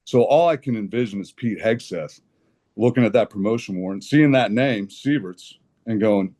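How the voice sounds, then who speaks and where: A man guesting on a podcast, telling an animated, indignant story with blunt language and frequent restarts. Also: fairly low pitch, moderate pace. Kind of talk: conversational podcast interview.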